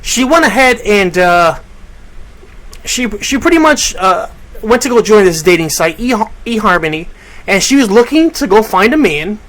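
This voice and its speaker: A man's voice: high voice, lively intonation, normal speed, fairly bright tone, low-quality recording. A man hosting a casual radio show, laid-back and slangy as he talks to his listeners.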